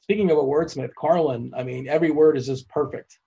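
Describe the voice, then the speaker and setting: Male podcast host, mellow husky voice, muffled lo-fi sound, brief casual interjections. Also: fairly high pitch. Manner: short interjections and quick questions.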